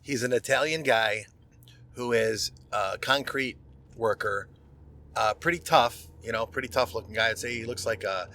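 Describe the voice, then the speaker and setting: A man's voice: on the low side, moderate pace, bright, forceful tone. Candid man telling his recovery story. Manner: candid, conversational, repeats words when restarting. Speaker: podcast host. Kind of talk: personal storytelling monologue.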